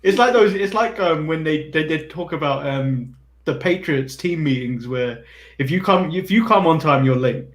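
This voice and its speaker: A man's voice: fairly high pitch, expressive, normal speed. A man co-hosting a casual wrestling podcast, chuckling and restarting sentences as he talks. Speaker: podcast co-host. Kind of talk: casual chat.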